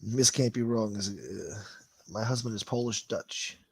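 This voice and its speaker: A man's voice: fairly low pitch, measured pace, creaky, breathy edge, dry recording. A man hosting a livestream, reading viewer comments and chatting in a rambling, profane way. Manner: rambling, swears a lot, laughs. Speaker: livestream host reading chat. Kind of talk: casual profane chat.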